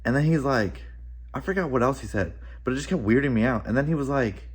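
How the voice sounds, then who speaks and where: A young man vlogging from home, telling a story in a rambling, animated way, full of "bro" and "like". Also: medium pitch, quick pace, breathy edge. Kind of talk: casual storytelling vlog.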